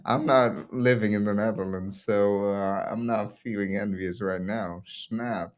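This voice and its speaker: Man, deeper voice, sarcastic rant, frequent laughter, podcast host. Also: fairly even intonation, a little slow. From Belgium. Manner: ranting, sarcastic, laughs often. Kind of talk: casual opinion commentary.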